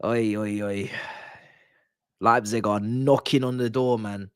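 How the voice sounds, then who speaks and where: A young man chatting casually on a football watch-along stream, joking and laughing in slang and erupting loudly at near-misses. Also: lowish voice, steady tone, takes it slowly, pauses often, clear, resonant tone, no echo, studio quality. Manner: laughing, nostalgic banter with slang, loud bursts at near-misses.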